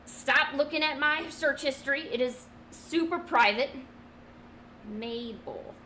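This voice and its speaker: Brief: young woman, high bright voice, giggly self-mocking streamer, faint room noise. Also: takes it slowly, low-quality recording. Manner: giggly, self-mocking, talks to her cat. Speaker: streamer drawing from memory. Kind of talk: casual chat while drawing.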